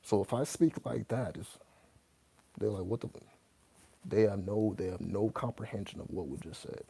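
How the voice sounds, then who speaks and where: Deep gravelly man, profane and emphatic. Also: moderate pace, dark tone. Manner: profane, emphatic, spells out words letter by letter. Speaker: host answering viewer questions. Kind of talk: casual monologue to camera.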